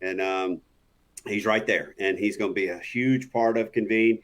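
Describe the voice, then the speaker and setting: A man's voice: on the low side, steady tone, normal speed. A man hosting an interview podcast, easygoing and affirming, with frequent "yeah" and "uh". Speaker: podcast host. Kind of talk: casual interview chat.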